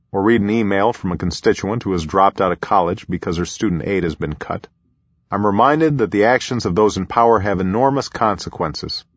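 A man reading his own memoir aloud in a measured, reflective storytelling manner, in a slightly muffled recording. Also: lowish voice, no echo. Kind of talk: audiobook memoir narration.

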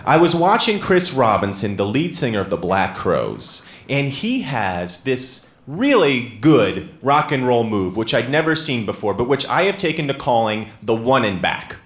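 A man's voice: mid-range voice, big pitch swings, normal speed, hardly any pauses, fairly bright tone. A man performing a stand-up comedy set on stage, telling a self-mocking story with dry sarcasm. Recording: echoey live room with clear background noise.

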